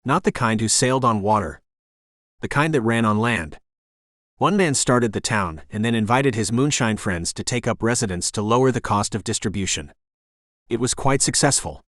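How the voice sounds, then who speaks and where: A man voicing an energetic woman in her sixties who runs a bed and breakfast, speaking rapid-fire with a faint Jamaican accent. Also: medium pitch, no echo, clean studio sound, close to an everyday voice. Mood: chatty.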